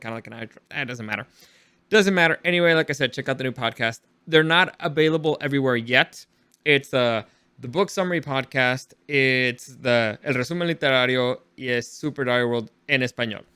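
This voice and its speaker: A man's voice: medium pitch, bright, forceful tone, smooth, no room sound. A man hosting his own podcast late at night, rambling and opinionated, often correcting himself. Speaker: podcast host. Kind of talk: casual opinion podcast commentary.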